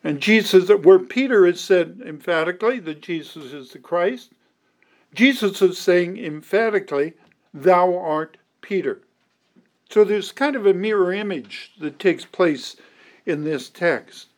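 Male pastor, higher-pitched, preaching a verse-by-verse sermon with deliberate emphasis. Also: expressive, darkish tone. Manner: deliberate, emphatic, reads scripture aloud in old wording. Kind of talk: expository sermon.

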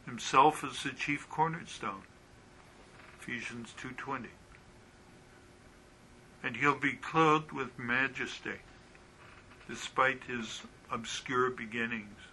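A man teaching a Bible study verse by verse, reading passages aloud, often pausing with ums and asking rhetorical questions. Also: medium pitch, sharp tone, slight background noise, rough recording. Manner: halting with frequent ums, asks rhetorical questions.

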